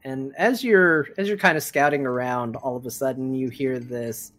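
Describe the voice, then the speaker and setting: A man narrates as game master of a tabletop role-playing game. He talks at a middle pitch and often pauses on ums and uhs while he describes the scene. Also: a bit bright. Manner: hesitant, filler-heavy narration.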